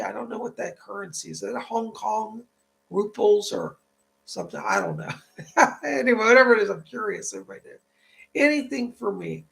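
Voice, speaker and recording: A man's voice: sits high, animated, fairly quick, creaky, a bit bright, low-quality recording. A man working as a psychic medium, hosting a live stream. He chats with viewers, thanks them for donations and passes on spirit messages in a reassuring tone.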